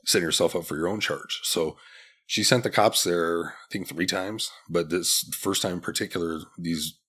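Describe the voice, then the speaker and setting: A man's voice: low-pitched, normal speed, fairly bright tone, slightly rough. A man in his forties, a podcast guest, telling a personal story in a candid, blunt and profane way, with many restarts. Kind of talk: casual storytelling.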